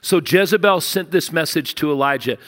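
A man preaching a sermon, telling a story with animated asides and dropping to hushed intensity at key moments. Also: a little high, a little fast. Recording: long reverb of a large hall.

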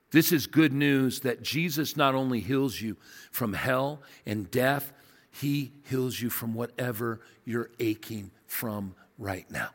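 A middle-aged man preaches with earnest conviction, rising loud and then dropping to a hush. His voice sits at an ordinary pitch for a man. It rings out with a long reverb tail in a big hall. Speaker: pastor. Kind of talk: sermon.

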